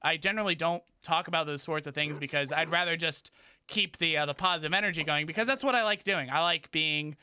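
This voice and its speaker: A man streaming a video game, chatting in a rambling, halting way with many restarts and breaking into high startled yelps. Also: pushed and bright, clear, resonant tone, dry recording. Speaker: gaming streamer. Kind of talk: casual livestream gaming chat.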